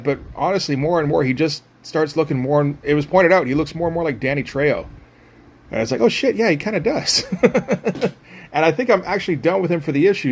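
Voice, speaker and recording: A man talking casually about his comic art as he draws, rambling and self-mocking with frequent chuckles. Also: fairly high pitch. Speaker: comic artist. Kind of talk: casual drawing commentary.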